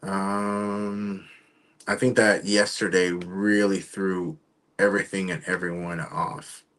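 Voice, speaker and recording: Male host, deep voice, loose rambling delivery, casual stream chat. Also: little pitch movement, fairly bright tone. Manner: rambling, halting, trails off. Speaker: show host. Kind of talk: casual livestream talk.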